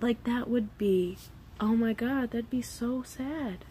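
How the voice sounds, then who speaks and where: A woman's voice: a little high, takes it slowly, mellow, a little hiss or hum. A woman in her thirties, a mother of three, talking candidly and emotionally in a casual vlog monologue, swearing freely.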